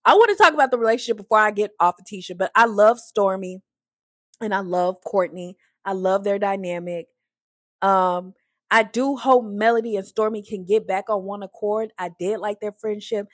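Chatty, opinionated woman, husky voice. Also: mid-range voice, normal speed, a bit bright, no room sound, studio quality. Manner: chatty and opinionated, with frequent "like" and restarts; acts out the people she discusses in raised voices. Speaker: reality TV commentator. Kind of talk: casual recap commentary.

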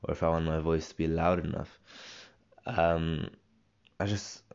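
A man's voice: extremely low pitch, fairly even intonation, unhurried, a little mellow, smooth, highs cut off. A young man hosting a solo podcast, rambling casually with many fillers and restarts. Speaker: podcast host.

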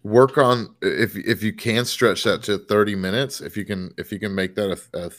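A man who is high, telling a story in casual podcast chat and acting out the dialogue. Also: fairly even intonation, moderate pace.

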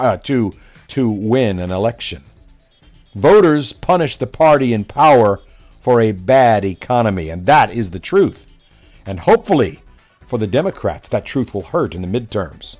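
A man delivering a combative, mocking political opinion monologue as a commentator. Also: medium pitch. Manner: mocking, combative, name-calling.

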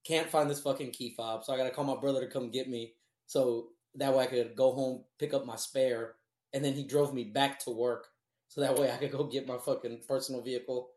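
A man in casual podcast chat, swearing a lot and laughing often as he tells animated stories. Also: medium pitch, brisk. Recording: roomy echo.

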